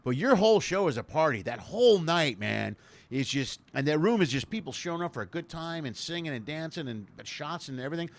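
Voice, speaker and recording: A man hosting a casual comedy interview over a video call, joking and excitable, jumping from loud bursts to low mutters. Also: fairly quick. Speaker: comedian host of a video chat show.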